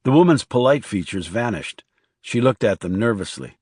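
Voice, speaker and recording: A man narrating a crime thriller audiobook in a measured, even storytelling manner. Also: on the low side, breathy edge, no room sound, clean studio sound. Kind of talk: scripted narration.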